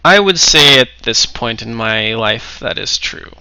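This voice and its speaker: A man puts on a solemn halfling monster slayer who speaks formally and evenly. The voice is very bright and sharp, recorded dry and close with no room sound. He sounds grave and measured in a tabletop game scene. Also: medium pitch, lively intonation, gravelly, smooth, no room sound, heavily acted, poor audio. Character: serious halfling monster slayer, male adult.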